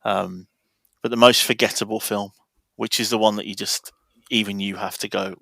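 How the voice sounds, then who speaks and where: A man's voice: on the low side, fairly even intonation, moderate pace, vocal fry, bright, forceful tone, dry recording. A man hosting a casual podcast, playfully quizzing his co-hosts one by one for an awards segment.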